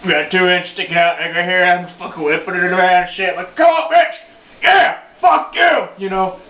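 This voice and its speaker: A man with a high voice talks fast and flatly, staying close to his everyday voice, in a roomy, dull lo-fi home video. As a bragging, foul-mouthed old redneck in his sixties, he rambles through a profane story for a comedy monologue.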